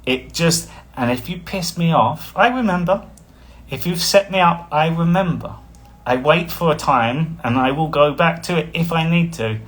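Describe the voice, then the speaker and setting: A man's voice: a little high, normal speed, a bit bright. Rambling man on a live stream. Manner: rambling, chuckles often, blunt. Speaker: spiritual coach hosting a live stream. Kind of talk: casual livestream talk.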